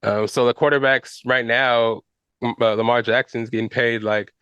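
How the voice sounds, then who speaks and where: A man's voice: mid-range voice, level tone, moderate pace, a bit bright, smooth, dry recording, highs cut off. A man hosting a podcast, talking football casually in slang with fillers and restarts. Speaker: podcast host. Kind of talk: casual sports chat.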